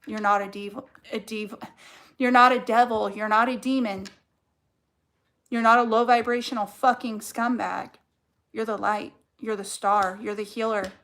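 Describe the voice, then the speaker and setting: A woman's voice: fairly high pitch, fairly even intonation, measured pace, fairly bright tone. A young adult woman giving a casual tarot card reading, blunt and fired up, swearing heavily as she talks.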